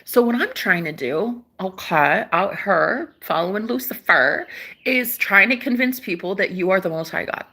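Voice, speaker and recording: A woman's voice: medium pitch, animated, moderate pace, pushed and bright, breathy edge. A young woman hosting her own spiritual channel, who talks to the camera in a casual but preachy way, swears freely and calls her viewers baby.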